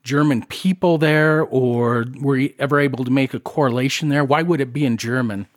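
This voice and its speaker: A man's voice: mid-range voice, moderate pace. A man co-hosting a paranormal podcast, chatting eagerly and casually with a guest. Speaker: podcast co-host, paranormal investigator. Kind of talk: casual interview chat.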